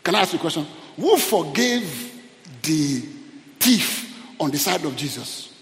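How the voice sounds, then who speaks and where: A man preaching a sermon, pleading with his congregation in an animated way. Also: a little high, unhurried. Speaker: pastor. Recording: echoey hall reverb.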